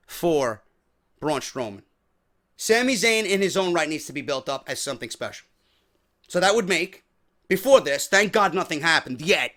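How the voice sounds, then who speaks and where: A man's voice: on the high side, pushed and bright. A man with a New York accent, hosting a wrestling review show in a profane, exasperated rant. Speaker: wrestling podcast host.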